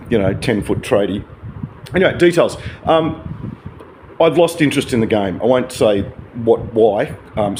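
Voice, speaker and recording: A man's voice: on the low side, a little mellow, a little hiss or hum. A man, rambling through a chatty early-morning vlog from his hotel, swearing casually as he digresses. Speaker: vlogger.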